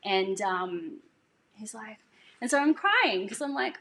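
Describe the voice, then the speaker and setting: A woman's voice: medium pitch, lively intonation, takes it slowly, a bit bright. A woman telling a personal faith story in a casual way, earnest and emotional, laughing now and then. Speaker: singer sharing a testimony.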